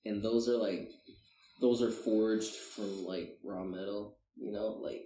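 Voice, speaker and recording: Man, young adult, podcast co-host, casual chat, excitable storytelling, mellow tone, echoey room. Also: on the low side, slow pace, far from the mic, a little hiss or hum. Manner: laughing, excitable storytelling with lots of filler and swearing.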